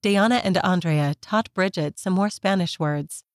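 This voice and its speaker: A woman with a fairly low voice reads a children's story gently and at a measured pace. She is recorded close and dry on a studio mic, with no room sound at all. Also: no echo. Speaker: narrator. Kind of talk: scripted narration of a children's story.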